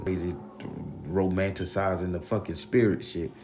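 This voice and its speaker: A man's voice: deep voice, moderate pace, background noise. A man telling a wild personal story, slangy and profane, acting out the voices of everyone in it. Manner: animated, slangy, acts out the voices.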